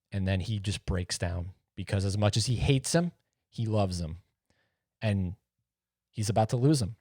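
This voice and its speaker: A man's voice: fairly low pitch, normal speed, pauses often, a little mellow, no room sound, clean studio sound. A man hosting a podcast, giving casual film commentary and rambling, repeating himself for emphasis. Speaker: podcast host.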